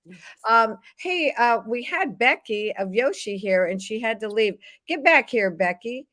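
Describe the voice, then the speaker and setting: A woman's voice: a little high, animated, measured pace, rough recording. Affectionate woman hosting a livestream. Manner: warm, calls guests "honey", gets teary. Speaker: host.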